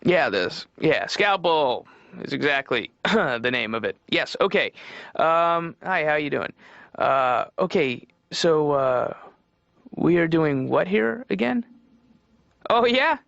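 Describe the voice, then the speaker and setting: A man's voice: on the high side, expressive, slow, vocal fry, fairly bright tone, dry recording, heavily acted. A man doing a rambling, wry stand-up routine as a patient in a cartoon, heard as muffled lo-fi TV audio. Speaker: comedian patient.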